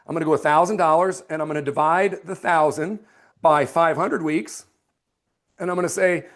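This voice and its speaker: Man coaching sales, low serious pitches. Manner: drops to a slow, low, serious tone for the close; energetic and emphatic when coaching. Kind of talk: sales training with role-played pitches.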